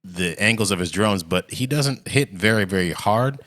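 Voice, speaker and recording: A man speaking as a podcast guest, a drummer explaining his craft in a thoughtful, measured way. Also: on the low side, animated, fairly bright tone. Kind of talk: casual interview chat.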